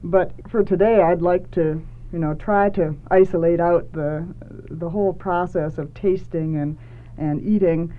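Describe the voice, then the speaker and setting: A woman's voice: fairly low pitch, fairly even intonation, a little slow. A woman hosting a talk about books, speaking in a thoughtful, earnest way, over a tinny phone-like line. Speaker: host.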